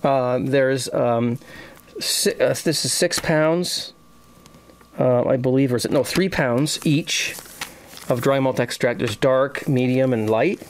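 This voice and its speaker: A man hosting a casual homebrewing vlog, talking in a halting way with many restarts and plenty of thanks. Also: medium pitch. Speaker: homebrewing vlogger.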